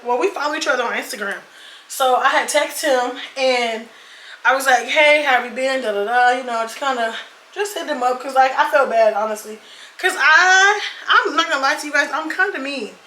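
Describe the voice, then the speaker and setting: A woman's voice: sits high, sharp tone, a little hiss or hum. A young woman in her twenties telling a dating story while doing her makeup, chatty and casual, cursing freely and calling her viewers y'all and girl. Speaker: beauty vlogger. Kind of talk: casual get-ready-with-me storytime. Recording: echoey room with faint ambience.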